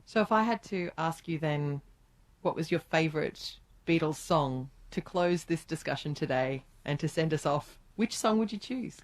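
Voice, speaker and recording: A woman's voice: low voice, lively intonation, moderate pace. A woman hosting a radio interview, asking long, winding questions.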